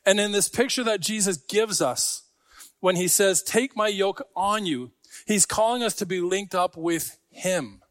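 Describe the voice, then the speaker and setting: A man's voice: high voice, measured pace, a bit bright, dry recording, studio quality. A man preaching a sermon to a congregation, talking in a conversational way with joking asides. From Scarborough. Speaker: pastor.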